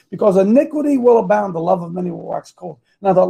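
A man's voice: high-pitched, expressive, quick pace, vocal fry, dark tone, husky. A man hosting a live talk show, rambling and losing his train of thought as he speaks.

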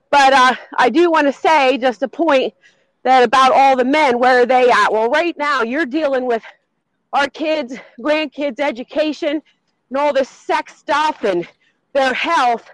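A woman's voice: high-pitched, a little slow, dry recording, poor audio. Breathless older woman caller on a walk. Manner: emphatic, laughs between points.

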